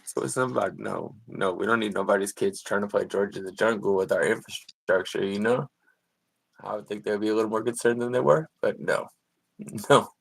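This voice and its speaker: Young man, low voice, laid-back rambling storyteller, laughs a lot, casual stream chat. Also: a little fast, creaky, husky, no echo, rough recording. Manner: rambling, laughs through stories. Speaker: streamer drawing with a guest. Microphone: video call.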